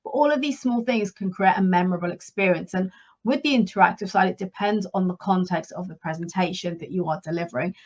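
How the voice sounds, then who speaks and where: A woman coaching her listeners in a solo podcast talk, instructive and steady, stressing key points by repeating them. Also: fairly low pitch, quick pace, highs cut off. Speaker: leadership and career coach.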